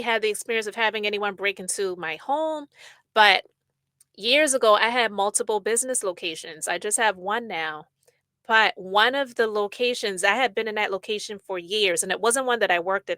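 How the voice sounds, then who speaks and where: Opinionated woman podcast host, bright forceful tone, dry close sound, chatty and blunt. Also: medium pitch, normal speed, no room sound. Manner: chatty, opinionated, reads news aloud and riffs. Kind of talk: casual commentary podcast.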